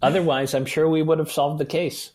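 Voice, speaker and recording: A man who is a guest author on a podcast, chatting casually and telling lively anecdotes. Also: a little high, a little fast, creaky. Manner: animated anecdotal storytelling.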